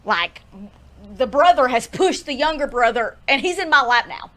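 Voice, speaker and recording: A woman's voice: sits high, expressive, moderate pace, pushed and bright. A woman co-hosting a podcast, telling playful stories in casual chat and laughing often. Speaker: podcast co-host.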